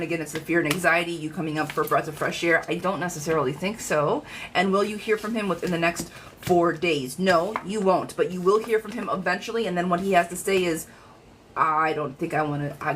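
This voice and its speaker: A woman giving a live-streamed tarot reading in a chatty, frank, lively way, talking straight to her viewers. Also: on the low side, a little hiss or hum, rough recording. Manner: chatty, animated, frank, calls viewers girlfriend. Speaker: tarot reader.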